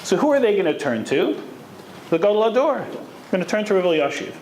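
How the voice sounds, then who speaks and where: Lecturer, male, mid-high voice, storytelling delivery, echoey hall with faint noise. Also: big pitch swings, fairly quick, a little mellow. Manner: storytelling, Hebrew terms woven in. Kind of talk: lecture on Jewish law.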